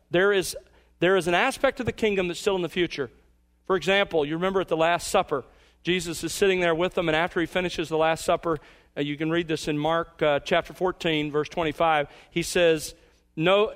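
A man preaching an expository sermon as pastor, emphatic and measured, slowing down to stress key words. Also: high-pitched.

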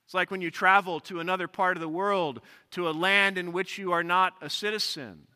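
A man's voice: high-pitched, fairly even intonation, a little fast, bright, forceful tone, clean tone. A male pastor preaching an expository sermon, reading scripture aloud and explaining it with personal stories, in a large church sanctuary. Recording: long reverb of a large hall.

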